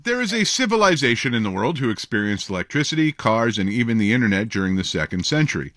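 A man's voice: mid-range voice, sing-song, quick pace, a bit bright. A man co-hosting a call-in trivia radio show, reading out the quiz questions. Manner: reads questions aloud, casual asides.

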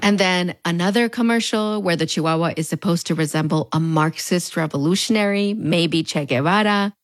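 A woman in her thirties with a Mexican American border accent, hosting scripted pop-culture commentary in a wry, conversational way. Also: moderate pace. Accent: Mexican American border (fronterizo). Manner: conversational and wry, with playful pitch swings. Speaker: host.

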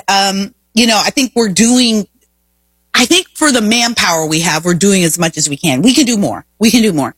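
A woman's voice: on the high side, a bit bright, slightly rough, no room sound. A woman hosting a talk show, delivering an emphatic, opinionated monologue full of rhetorical questions. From Indiana, US.

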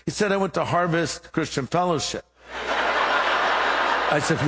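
A man's voice: on the high side, a little slow, big-room sound, heavy background noise. A middle-aged man, a pastor, preaching a sermon and telling a humorous story with acted-out dialogue.

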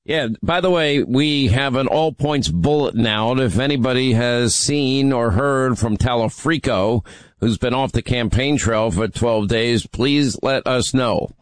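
A middle-aged man runs a radio call-in show with an emphatic, rallying delivery. His voice is of middling pitch and sounds close and dry, with no room around it. He teases callers between stronger points. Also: unhurried, no echo. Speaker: radio talk show host. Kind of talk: talk radio, taking calls.

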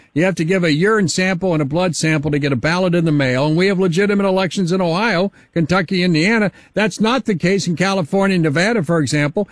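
A higher-pitched man hosts a political radio interview. His questions ramble and stall on fillers, and the studio sound is close and dry. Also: dry recording. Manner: rambling, halting setup questions with many fillers. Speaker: talk radio host.

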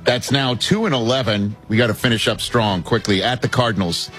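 A man with a New York accent hosting a call-in sports radio show, brisk and joking as he runs through a team's schedule. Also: medium pitch.

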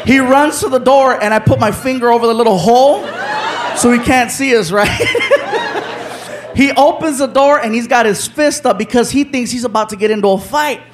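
Male stand-up comic, high voice, animated storyteller, live room with crowd noise. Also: normal speed. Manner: animated, shouting characters, Spanish asides. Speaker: stand-up comedian. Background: audience laughter.

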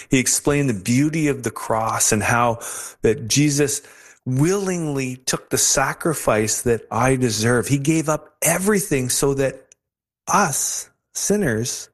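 A man, telling his personal testimony in an earnest, halting way as an interview guest. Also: on the low side.

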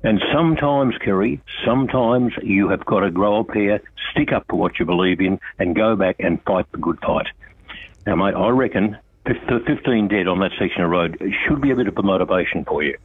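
An Australian man, a radio guest, talking bluntly and forcefully and repeating his points. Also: deep voice, fairly quick, husky, no echo. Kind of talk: casual radio chat. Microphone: phone. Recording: tinny phone line.

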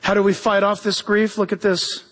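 A man's voice: sits high, little pitch movement, moderate pace, a bit bright, faint music behind. A male pastor preaching a fervent sermon, quoting scripture and crying out with exclamations.

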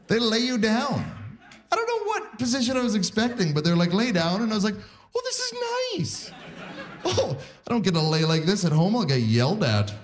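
A man's voice: high-pitched, big pitch swings. A man in his forties doing a self-deprecating stand-up set before a live crowd. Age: 40s. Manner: self-deprecating, acts out quick voices of others. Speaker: stand-up comedian. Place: live comedy theatre stage. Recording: live stage recording with crowd. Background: audience laughter.

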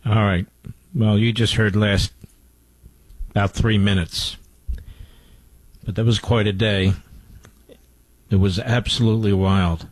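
A man's voice: on the low side, fairly even intonation, takes it slowly, pauses often, no echo, low-quality recording. Radio host man talking it up, boastful, repeats himself for punch, dry close mic. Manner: emphatic, boastful, repeats key dates. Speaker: radio talk show host. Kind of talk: talk radio monologue.

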